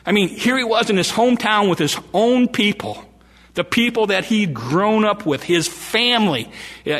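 A man with a high voice preaches a sermon in a room with long reverb. He retells scripture stories in plain, animated speech, often restarting his sentences.

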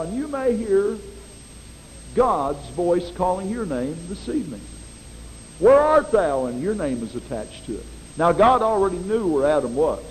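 High-voiced folksy male preacher. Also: a little hiss or hum, rough recording. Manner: folksy, animated preaching with dramatic voice swings. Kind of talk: sermon.

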